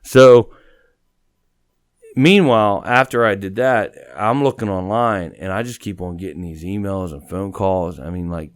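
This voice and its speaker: A man telling a story as a podcast guest in casual, animated chat, swearing often and repeating "you know what I mean". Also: low voice, unhurried, no room sound, studio quality.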